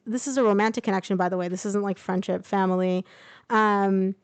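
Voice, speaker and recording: A woman's voice: mid-range voice, fairly quick, clean tone, no room sound. Chatty woman reading tarot, dry sound. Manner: chatty, thinking aloud with fillers and asides. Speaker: tarot reader. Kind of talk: casual tarot reading to camera. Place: indoors, traveling.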